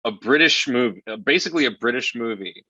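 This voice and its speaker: A man's voice: medium pitch, animated, fast, sharp tone, breathy edge, no echo, dull audio. A man reviewing a film in casual chat, rambling and profane, often exasperated.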